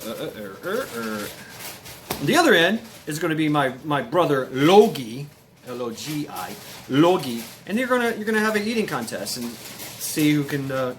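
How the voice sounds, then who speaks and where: A man voicing a huge, jovial giant king who teases his small guests in a high, lively voice. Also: moderate pace, slight background noise. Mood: boastful. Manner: jovial, mocking, high-pitched. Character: Utgarda-Loki, boastful mocking giant king.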